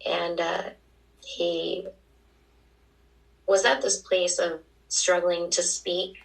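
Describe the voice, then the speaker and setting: Distant gravelly woman telling her story. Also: lowish voice, flat delivery. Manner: emotional, quick-paced storytelling. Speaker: guest. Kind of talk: personal storytelling.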